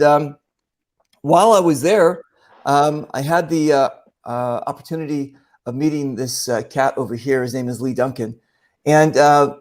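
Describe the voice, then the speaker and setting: A man's voice: medium pitch, darkish tone. A man hosting a casual online show, telling stories in a rambling way with many fillers and acting out other people's voices. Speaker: show host. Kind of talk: casual storytelling chat.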